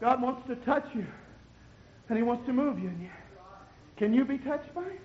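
A man preaching a fiery sermon as pastor, rising to shouted exhortation and dropping low again. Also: expressive, moderate pace, lo-fi sound.

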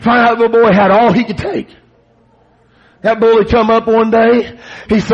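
A man preaching a fiery revival sermon, building to shouts in bursts. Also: very high voice, little pitch movement, moderate pace, husky. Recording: dull lo-fi church recording.

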